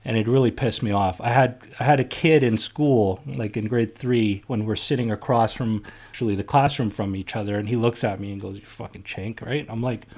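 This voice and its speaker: A man's voice: on the low side, brisk, darkish tone. A middle-aged man, a podcast host telling stories in a casual, blunt and heated way, swearing freely. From Canada. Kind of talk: casual storytelling chat.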